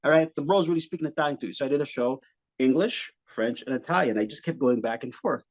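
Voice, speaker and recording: Brief: male comedian from Montreal, lively anecdote-teller with an average voice, slightly muffled recording. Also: mid-range voice, fast. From Montreal, Canada. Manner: animated storyteller, slips into funny voices and accents. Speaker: comedian guest. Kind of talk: casual podcast chat with impressions.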